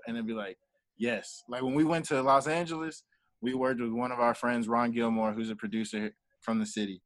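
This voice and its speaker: A young man chatting in a relaxed interview, voice in the middle range for a man. He talks in a casual, rambling way and slips into quoted back-and-forth as he tells stories. The sound is dry and close, with no room echo. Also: medium pitch, brisk. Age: young adult. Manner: animated storyteller acting out quoted dialogue. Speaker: guest, entrepreneur and artist manager.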